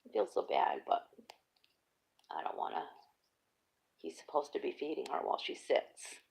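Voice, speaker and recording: A middle-aged woman chats casually, telling lively stories and laughing often. Her voice sits low with a gravelly, fry-heavy texture. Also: moderate pace. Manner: animated storytelling, laughs often. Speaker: host. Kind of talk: casual chat.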